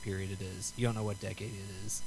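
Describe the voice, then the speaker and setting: A man co-hosting a casual movie podcast, animated, laughing often and swearing freely. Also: lowish voice, quick pace, a little hiss or hum, rough recording. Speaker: podcast co-host. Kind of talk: casual chat.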